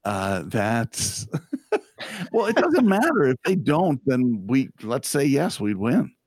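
A man's voice: medium pitch, big pitch swings, takes it slowly, husky, no echo, clean studio sound. A middle-aged man co-hosting a podcast in casual chat, jokey and teasing. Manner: jokey, teasing, laughs often. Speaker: podcast co-host.

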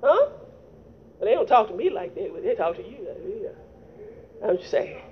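A woman's voice: mid-range voice, sing-song, normal speed, slight background noise. A woman preacher delivering a fervent sermon into a microphone in a church, calling out to the congregation with rhetorical questions, in a dull lo-fi recording. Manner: fervent call-and-response, rhetorical "huh?". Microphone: handheld microphone.

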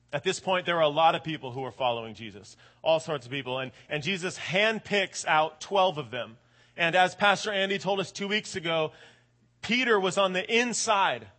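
A man in his late twenties preaching a sermon in an animated, colloquial way, often checking in with the audience. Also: fairly high pitch, a little fast. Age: late 20s. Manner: animated, colloquial, keeps asking "right?".

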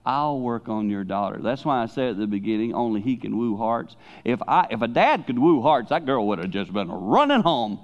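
A middle-aged man preaching a sermon in a church, telling candid stories in an animated way and breaking into sudden high-pitched outbursts. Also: fairly quick, hardly any pauses, muffled recording.

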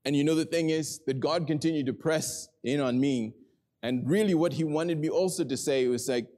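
A middle-aged man preaching a sermon in a church, telling a story with earnest energy that settles into quiet, prayerful tones. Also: a little high, normal speed. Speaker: pastor. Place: church hall with a congregation.

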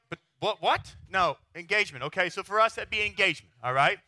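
Man, pastor from texas, high voice, very bright and forceful, dry close sound, animated sermon. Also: quick pace, no room sound. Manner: animated, chatty, keeps asking the crowd "right?".

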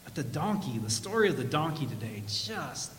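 Male pastor, humorous storytelling sermon, sharp bright tone, roomy church sound. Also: medium pitch, big pitch swings, normal speed, a little hiss or hum. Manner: chatty, laughs at his own jokes. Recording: echoey church hall.

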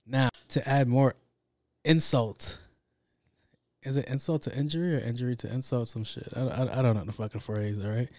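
Brief: young New guy, cursing slangy storyteller, mid-pitch, dry close sound. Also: normal speed, no room sound. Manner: profane, slangy, animated with acted quotes. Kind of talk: casual chat, telling a work story.

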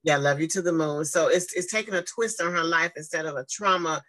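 A woman, telling her story casually in conversation, lively and acting out what people said. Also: brisk, low-quality recording. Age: 50s. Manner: animated, acts out quoted exchanges with big swings in pitch. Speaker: guest speaker and advocate.

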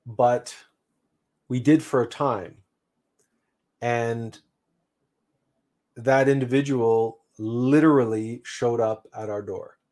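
A man hosting a livestream, telling a personal story in an unhurried, reflective way with frequent restarts. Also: medium pitch, steady tone, darkish tone. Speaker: livestream host.

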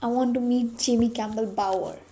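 Rambling young woman podcaster, soft dark tone. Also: a little high, steady tone, normal speed, rough recording. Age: young adult. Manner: rambling, self-deprecating, with frequent restarts. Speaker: podcast host. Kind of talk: rambling solo podcast monologue. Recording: faint background noise.

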